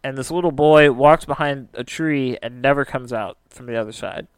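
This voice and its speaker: A man's voice: medium pitch, moderate pace, smooth, dry recording. A man casually telling a spooky story as a podcast host, chatty and full of filler words.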